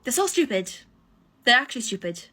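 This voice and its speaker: Young woman, slightly high voice, sarcastic storytime ranter. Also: sing-song, a little fast, pushed and bright. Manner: exasperated, sarcastic, acts out both sides. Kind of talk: casual storytime rant.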